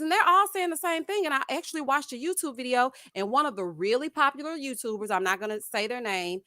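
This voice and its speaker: A bright, pushed, fairly high-pitched woman's voice, recorded clean in a studio with no room sound. She's a sassy YouTube commentary host from Houston, Texas, late thirties or around forty, with a Southern Texas twang. In an animated, dramatic, casual rant she calls her viewers honey and child.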